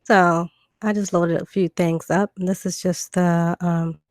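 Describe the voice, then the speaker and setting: A Southern woman from Virginia with a bit of Georgia twang talks casually on her live stream, full of ums and restarts. Her voice sits low for a woman, recorded dry and close on a desk computer mic. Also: little pitch movement, a little slow, no echo. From Virginia and Georgia, USA. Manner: chatty, loose, many fillers and restarts. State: recovering from illness. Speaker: livestream host. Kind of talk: casual live stream talk, reading definitions.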